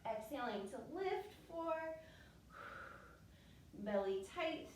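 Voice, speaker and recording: A woman's voice: fairly high pitch, a little slow, pauses often, a little hiss or hum. Woman calling out yoga poses, bit breathless, far from the mic in a very echoey room. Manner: calm step-by-step cueing, breath counts. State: a little out of breath. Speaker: yoga teacher. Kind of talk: guided yoga class cues.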